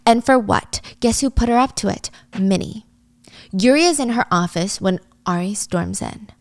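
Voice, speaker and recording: A woman's voice: medium pitch, moderate pace, dry recording. A woman in a casual, chatty recap of a drama plot. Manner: chatty, animated.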